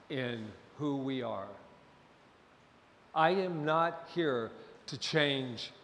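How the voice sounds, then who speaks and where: A middle-aged man preaching a sermon as minister, impassioned and at times near shouting. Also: medium pitch. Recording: long hall reverb.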